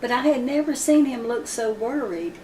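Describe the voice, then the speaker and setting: A woman's voice: fairly high pitch, lively intonation, normal speed, mellow, a little hiss or hum. A woman leads a Bible lesson by telling a story from her own life, and she brings it alive by acting out what each person said. Her voice sounds distant from the mic. The room around her is reverberant. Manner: vivid, acts out quoted speech. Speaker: Bible study teacher.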